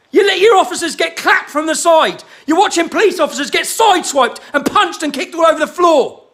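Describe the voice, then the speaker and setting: A man delivering a heated, shouting rant to the camera. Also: extremely high pitch.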